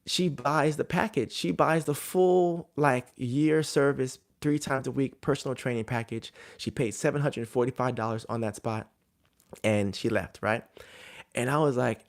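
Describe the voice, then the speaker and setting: A man's voice: mid-range voice, fairly even intonation, normal speed. A man who coaches athletes, giving advice to other coaches in a casual, conversational way, with plenty of fillers as he tells stories. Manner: conversational, filler-heavy storytelling. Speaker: jump coach.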